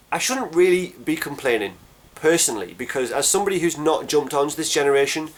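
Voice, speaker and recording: Grumbling, hesitant man rambling about games. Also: mid-range voice. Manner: hesitant, grumbling, many ums and restarts; says his accent drifts after a decade abroad. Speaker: gaming video maker. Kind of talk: casual rambling commentary.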